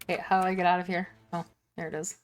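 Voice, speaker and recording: A woman streamer chatting casually as she plays, excitable, laughing and swearing freely. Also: lowish voice, racing, faint music behind. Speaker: game streamer.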